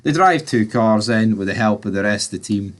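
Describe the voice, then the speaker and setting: A man's voice: fairly low pitch, lively intonation, a little fast. A man giving a casual, rambling film review, talking straight to his viewers and swearing now and then. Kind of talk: casual movie review vlog.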